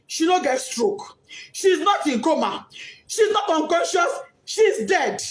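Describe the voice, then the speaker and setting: A woman's voice: very high-pitched, sing-song, takes it slowly. A Nigerian woman, a grieving mother, giving a tearful, distraught testimony, pleading and repeating herself in rising outbursts. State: crying, distraught. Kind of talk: emotional testimony.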